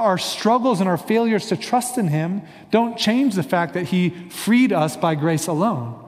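Guy pastor preaching, casual and earnest, kinda high voice, long echo. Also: darkish tone. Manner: earnest, conversational preaching with many fillers. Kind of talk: sermon.

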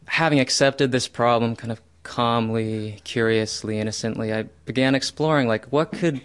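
Young male storyteller, mid-pitched, self-mocking, bursts loud when recounting his panic. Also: moderate pace, clean tone. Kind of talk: first-person true story.

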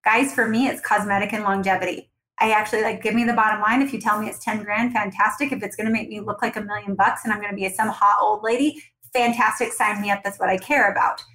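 A woman's voice: mid-range voice, fast talker, hardly any pauses, low-quality recording. A woman guest on an interview podcast, energetically coaching dental teams and acting out conversations with patients. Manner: energetic, acts out dialogues with patients. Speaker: guest, dental practice consultant.

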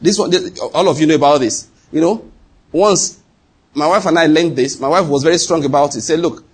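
A middle-aged man preaching a sermon as a pastor, asking the congregation rhetorical questions and climbing higher in pitch when he presses a point. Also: fairly quick, husky.

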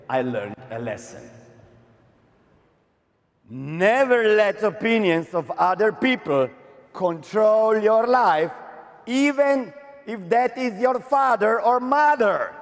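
A young man from Slovenia giving a dramatic motivational stage talk, with emphatic outbursts and long pauses. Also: very high-pitched. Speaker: motivational speaker. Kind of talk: stage speech telling a personal story. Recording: reverberant hall.

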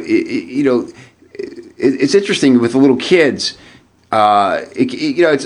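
A lower-pitched man talks as a podcast guest. He tells his story in an animated, conversational way, stumbling over and repeating words as he goes. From United States. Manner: animated storyteller, frequent restarts and repeated words, laughs while telling.

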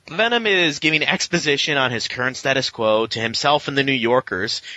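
A man talking through a comic book issue in a loose, rambling podcast chat, now and then popping into a quick voice for a character. His voice is very bright and forceful. The recording is dry and a little dull. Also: a little high, dry recording. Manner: rambling recap, with animated quoted voices. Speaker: podcast co-host.

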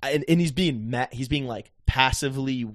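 Young man, fast profane storyteller, dry close sound. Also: mid-range voice, dry recording. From Northeastern US. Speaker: podcast host. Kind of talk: casual chat.

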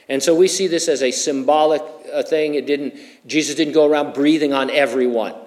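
A man's voice: on the high side, fairly even intonation, brisk, hardly any pauses, a little mellow. A middle-aged man preaching a verse-by-verse sermon, conversational in tone with humorous personal asides. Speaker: pastor. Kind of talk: expository sermon.

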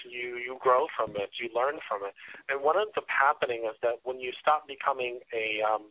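A man talking earnestly as a radio guest, often restarting and filling pauses as he explains his ideas. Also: mid-range voice, no room sound. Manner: earnest, with frequent restarts and fillers. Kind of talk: casual interview talk. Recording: dull lo-fi radio sound.

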